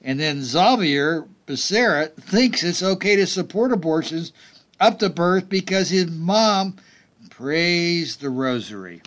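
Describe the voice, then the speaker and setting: A man's voice: on the high side, expressive, takes it slowly, fairly bright tone. A middle-aged man hosting a political talk radio show, delivering emphatic commentary with sarcastic, mocking asides.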